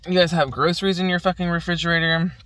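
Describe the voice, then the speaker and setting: A woman's voice: fairly low pitch, steady tone, quick pace, background noise. Foul-mouthed woman rambling through a story. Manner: profane, rambling, retells talks with "I'm like"; laughs at own stories. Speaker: vlogger. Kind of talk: casual storytelling monologue.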